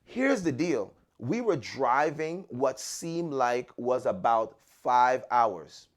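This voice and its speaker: A man's voice: mid-range voice, very animated, slow. A man hosting a podcast, telling a personal story in an earnest, conversational way and often repeating words as he restarts. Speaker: podcast host.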